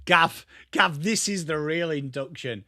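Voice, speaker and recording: Male stream host, slightly high, bright, dry close sound; chatty, calls the play in bursts while reading chat. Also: dry recording. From Australia. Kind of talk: casual live watchalong commentary.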